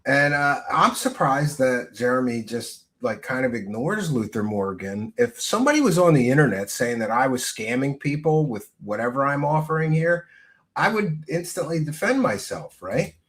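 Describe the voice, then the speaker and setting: A man's voice: medium pitch, animated, moderate pace, a bit bright. A man hosting a casual livestream, commenting on a clip with mocking asides, laughter and crude remarks. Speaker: show host.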